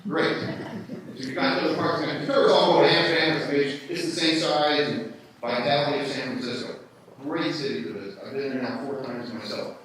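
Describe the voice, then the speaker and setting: A man giving a lively live history lecture, often putting questions to his audience. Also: medium pitch, normal speed. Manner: animated, asks the audience questions. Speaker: history speaker at a workshop. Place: indoor event room with audience. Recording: echoey room from far off, faint noise.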